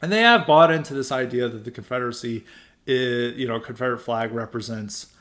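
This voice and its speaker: A man's voice: medium pitch, a little fast, fairly bright tone. A man hosting a podcast, talking in casual political commentary with emphatic rises and many fillers. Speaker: podcast host.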